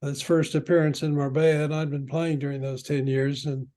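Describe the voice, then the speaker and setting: An older man, a veteran player, telling rambling stories from the old days with halting restarts. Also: a little high, little pitch movement, warm tone. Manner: halting, many restarts while recalling. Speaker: guest, veteran padel player. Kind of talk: rambling anecdotal storytelling.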